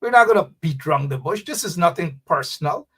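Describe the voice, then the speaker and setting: A man's voice: fairly high pitch, animated, brisk, fairly bright tone, slightly rough, far from the mic. A man hosting fiery, mocking political commentary, talking straight to his audience. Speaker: host.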